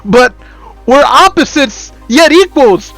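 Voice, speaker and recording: A man's voice: very high voice, moderate pace, over music. A man on a casual gaming podcast, ranting in an exasperated, swearing way. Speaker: podcast co-host.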